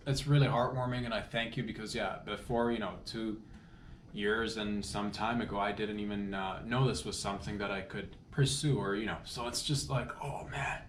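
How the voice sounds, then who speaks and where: A man with a lowish voice talks casually and earnestly to his listeners, often restarting his sentences as he goes. The sound is roomy and echoey, with a faint layer of noise behind him. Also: a bit bright. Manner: rambling, earnest, self-interrupting. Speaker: comedy podcast host. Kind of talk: casual heartfelt monologue. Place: Toronto.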